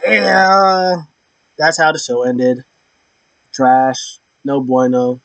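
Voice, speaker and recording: A young man giving a casual, animated wrestling recap in slangy talk, now and then acting out the wrestlers in a pitched-up voice. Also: very slow, dry recording, highs cut off. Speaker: wrestling show reviewer. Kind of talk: casual opinion vlog.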